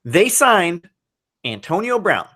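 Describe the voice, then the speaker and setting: A man co-hosting a casual sports podcast, talking football in an excitable, animated way and laughing often. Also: high-pitched, takes it slowly.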